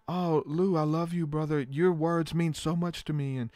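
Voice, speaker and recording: A man briefly voicing a grateful, earnest young man who speaks softly and gushes. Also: on the high side, steady tone, normal speed, no echo, pitched above the performer's own voice, close to an everyday voice. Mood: gushing.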